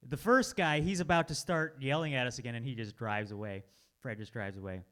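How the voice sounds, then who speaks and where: A male comedian spins a rambling anecdote on stage, chuckling often and sinking to a low mumble when he quotes people. His pitch sits in an ordinary middle range. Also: brisk, fairly bright tone. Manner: laughs through his own story, drops to mutters for quotes. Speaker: stand-up comedian. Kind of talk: stand-up storytelling.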